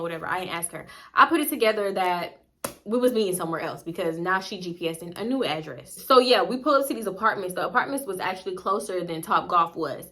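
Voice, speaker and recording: A woman's voice: medium pitch, fast. Chatty woman telling a story. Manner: candid, animated, chatty with asides. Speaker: storytime vlogger. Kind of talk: casual storytelling.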